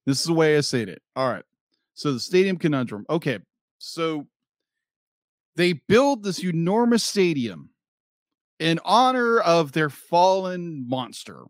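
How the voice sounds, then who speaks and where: Male co-host, high bouncy voice, animated ranter, dry close sound. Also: slow, no room sound. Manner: animated ranting, acting out quoted lines. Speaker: podcast co-host. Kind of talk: casual movie review chat.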